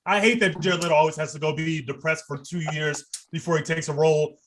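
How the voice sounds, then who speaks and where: A man's voice: a little high, fast, hardly any pauses, a bit bright, slight background noise. A man co-hosting a podcast, reviewing a movie in casual, profane and enthusiastic chat. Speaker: podcast co-host.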